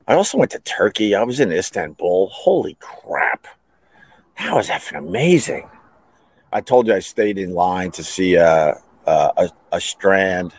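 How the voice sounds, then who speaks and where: A man's voice: lowish voice, no echo. A middle-aged man hosting a podcast, rambling through his own stories, swearing and laughing at himself. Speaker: podcast host, former radio host. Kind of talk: rambling solo storytelling.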